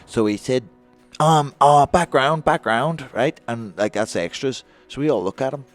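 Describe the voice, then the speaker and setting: A man in his thirties, a guest telling a sweary, excitable story and acting out what others said. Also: medium pitch, normal speed, faint music behind. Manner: sweary, excitable, acts out other people's lines. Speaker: guest, former film extra. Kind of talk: animated storytelling.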